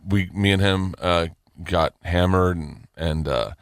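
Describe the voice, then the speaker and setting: A man, a comedian, telling a wild story on a podcast, jumping his voice up high whenever he acts out what people said. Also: unhurried, dry recording, clean studio sound. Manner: energetic, voice jumps high when acting out quotes.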